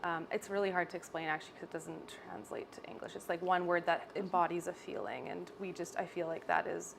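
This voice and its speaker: A young woman with a Canadian accent, a salon owner chatting in an interview, bubbly and animated, often laughing as she tells stories. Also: on the low side, brisk, vocal fry, background noise. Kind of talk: casual interview chat. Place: hair salon.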